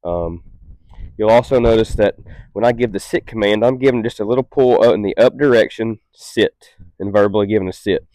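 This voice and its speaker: A man working as a dog trainer, who explains his methods calmly and patiently and gives short, stern commands to a dog. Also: on the low side, a little fast, no echo. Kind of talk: instructional demonstration.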